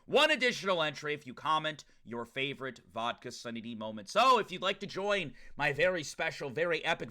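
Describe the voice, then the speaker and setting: A man's voice: fairly high pitch, bright, forceful tone. A young man streaming, chatting casually and profanely with his viewers, joking loosely between rambles. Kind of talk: casual livestream chat to viewers.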